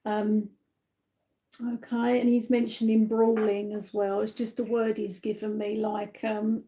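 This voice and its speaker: A woman from the UK giving a live-stream psychic reading, gentle and reassuring, with many fillers and tag questions, a little tired. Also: medium pitch, little pitch movement, measured pace. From United Kingdom. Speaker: psychic medium.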